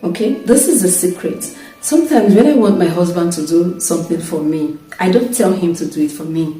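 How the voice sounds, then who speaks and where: Brief: married woman vlogger, earnest advice on marriage, low warm voice, distant mic in an echoey room. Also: a little fast, soft background music. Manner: earnest, repeats "okay?" often. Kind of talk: casual advice talk to camera.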